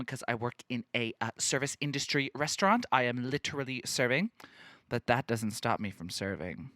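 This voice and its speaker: A man hosting a podcast in casual chat, talking in a campy, animated way and laughing often. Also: medium pitch, smooth, no room sound, clean studio sound. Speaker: podcast host.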